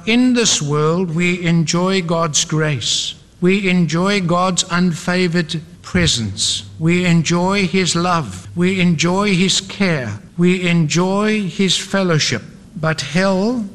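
Male preacher, dramatic and emphatic, fairly high voice, long hall reverb. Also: a bit bright. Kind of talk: evangelistic sermon.

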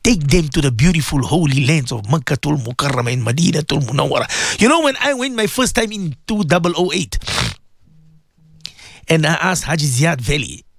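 A man's voice: fairly high pitch, sing-song, fairly quick, gravelly, husky, no echo, studio quality. A man hosting a devotional radio show, pleading and impassioned, often repeating his words. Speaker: radio host and cleric. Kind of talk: emotional radio devotional talk.

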